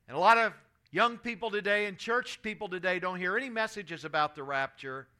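A man's voice: high-pitched, fairly quick, pushed and bright. A man in his sixties preaching a sermon, telling stories and reading scripture aloud in an earnest way. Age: 60s. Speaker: pastor.

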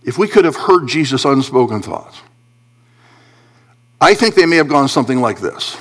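A middle-aged male pastor preaching a sermon, swinging from soaring emphasis to hushed low phrases. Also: sing-song, normal speed, long pauses.

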